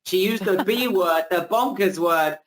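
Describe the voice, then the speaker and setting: A man hosting a webinar, giving a pushy, excited sales pitch over a video call while his voice is wearing out. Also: unhurried, crowd noise. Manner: hyped, pushy salesman hype. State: losing his voice. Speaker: webinar host. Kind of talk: hard-sell webinar pitch.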